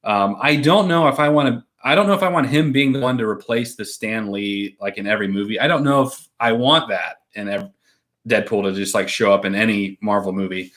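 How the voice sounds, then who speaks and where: A man's voice: on the low side, brisk, a bit bright. A man co-hosting a casual live stream at home, reading out viewer comments and rambling through his answers with frequent fillers and laughs.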